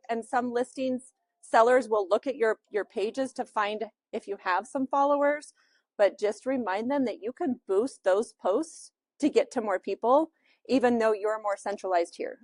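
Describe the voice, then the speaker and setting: A woman's voice: a little high, dry recording. A woman with a Utah accent teaching a social media class in a chatty, loose way with lots of fillers. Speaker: real estate social media instructor.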